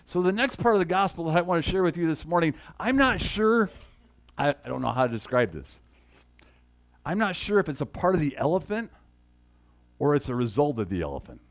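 A middle-aged male pastor preaching with lively swings in pitch and loudness. His voice sits a little high for a man. He quizzes the congregation and reads scripture out with rising fervor. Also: brisk. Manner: animated preaching with call-and-response, reads scripture aloud. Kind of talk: sermon.

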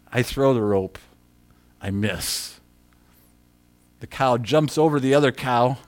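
Animated man telling a story from the pulpit. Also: a little high, clear, resonant tone. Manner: animated storyteller who shouts quoted lines; conversational, repeats himself. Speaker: preacher. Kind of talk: storytelling sermon.

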